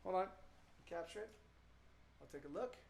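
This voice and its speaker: Rambling high-voiced man chatting on stream. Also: expressive, moderate pace, creaky, darkish tone, a little hiss or hum. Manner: rambling, with many restarts and repeated words; profane, laid-back. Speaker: musician live-streaming. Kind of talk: casual chat.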